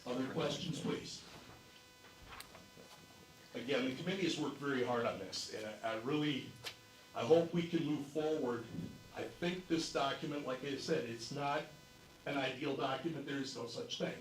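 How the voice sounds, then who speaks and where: A man presents a committee's bylaws document to a convention in a measured, explanatory tone. His voice carries through a reverberant hall, picked up from a distance with a faint hiss of noise underneath. He sits at a middle pitch.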